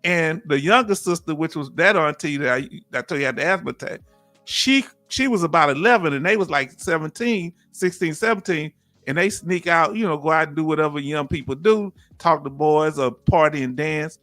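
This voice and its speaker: A man's voice: fairly high pitch, normal speed, a bit bright, no room sound, faint music behind. A man hosting a casual live chat, reading viewer comments and telling folksy family stories. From Texas. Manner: folksy, storytelling, reads chat aloud. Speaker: host.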